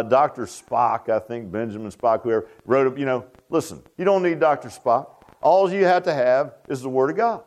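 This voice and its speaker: A man preaching a sermon in a folksy, repetitive way that rises to emphatic bursts. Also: high voice. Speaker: pastor.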